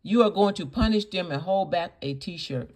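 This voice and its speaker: Hosting a reaction video, a woman speaks at moderate pace with a lowish, darkish voice and lively intonation. She indignantly scolds, heaping up rhetorical questions and restating her points to drive them home.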